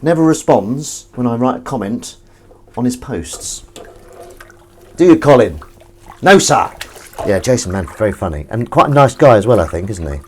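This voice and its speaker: A man's voice: mid-range voice, lively intonation, moderate pace. Guy nattering away while doing the dishes, voice bouncing all over, faint hiss under it. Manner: rambling, chatty, self-mocking asides. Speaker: live streamer host. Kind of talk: casual live-stream chat while washing up. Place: home kitchen at the sink.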